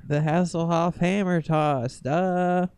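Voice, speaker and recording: A man's voice: fairly high pitch, fairly even intonation, slow pace, a little mellow, slight background noise. A young man co-hosting a podcast in casual chat, joking around with goofy wordplay and laughing often. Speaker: podcast co-host.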